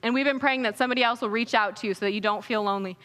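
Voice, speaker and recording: A young woman speaks at a conference with a slightly high voice, racing through an earnest, playful and energetic Christian talk meant to inspire. She uses a stage microphone, and the echoey hall gives a long reverb.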